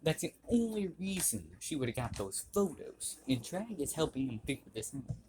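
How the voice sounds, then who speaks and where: Halting young man retelling a story. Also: on the high side, sing-song, warm tone. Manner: halting, restarts, clears throat often. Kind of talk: casual fan-story retelling. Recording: noisy home recording.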